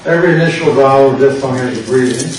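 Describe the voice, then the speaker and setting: An older man, a pastor, slowly and patiently explaining grammar in a classroom lecture. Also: mid-range voice. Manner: slow, patient explaining with repetition. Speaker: pastor teaching a Greek class. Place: church classroom. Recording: echoey classroom from far off with background noise.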